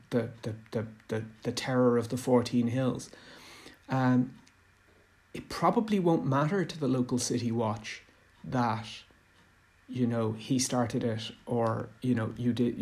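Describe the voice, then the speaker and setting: Creaky-voiced man, rambling and hesitant. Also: medium pitch, a little mellow. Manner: hesitant, many fillers and restarts. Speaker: tabletop game commentator. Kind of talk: rambling casual monologue.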